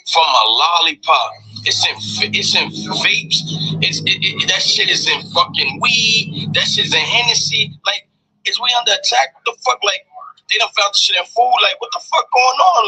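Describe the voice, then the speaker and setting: A man's voice: high-pitched, sharp tone, a little hiss or hum, poor audio. A man animatedly retelling a story in casual conversation, swearing freely and acting out people's exclamations.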